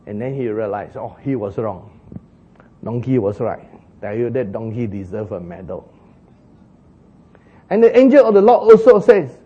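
Animated husky preacher retelling a Bible story. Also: male voice, medium pitch, highs cut off. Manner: animated, laughing, acts out the donkey and Balaam in exclaiming voices. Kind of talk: sermon storytelling.

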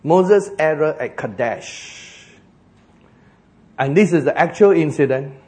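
A man with a Singaporean English accent delivers a sermon, pitched on the high side. He's lively and cracks jokes, slowing his delivery when he wants to stress a point.

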